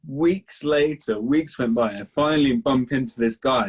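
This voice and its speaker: A man, a podcast guest, telling an anecdote in an animated way. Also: medium pitch, normal speed, hardly any pauses, slightly rough. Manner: animated storyteller, acts out dialogue. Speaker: guest oil painter.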